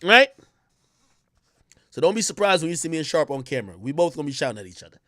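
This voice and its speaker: A man's voice: on the high side, big pitch swings, quick pace, sharp tone, no echo, clean studio sound. A man, talking on a casual livestream in a boastful, teasing way. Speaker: streamer.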